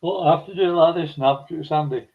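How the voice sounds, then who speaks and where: A man's voice: on the high side, racing, gravelly, phone-quality sound. Affectionate, rambling male spiritual reader. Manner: gentle, rambling, affectionate, chuckling. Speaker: psychic reader and co-host. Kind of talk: live-streamed spiritual reading.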